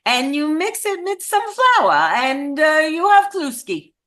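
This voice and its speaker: A woman's voice: sits high, sing-song, slow, pitched above the performer's own voice, heavily acted. A woman voicing an elderly, thrifty survivor grandmother in a put-on Eastern European accent, blunt and matter-of-fact. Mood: doting, blunt. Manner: warm, matter-of-fact, calls listener "Mamala".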